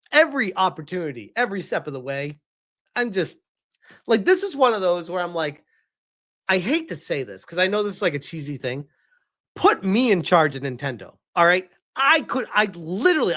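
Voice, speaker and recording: An exasperated man tearing into his subject on a live stream, swearing again and again. His pitch leaps and dives as he rants, very animated and full of heat. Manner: heated, profane, exasperated. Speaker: gaming streamer.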